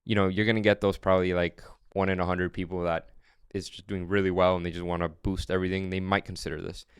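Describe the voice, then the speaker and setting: A man's voice: low voice, level tone, quick pace, clean tone, no echo, studio quality. A young man who owns an agency, casually walking viewers through his sales slides in a coaching tone, often repeating words. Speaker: agency owner. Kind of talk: casual walkthrough.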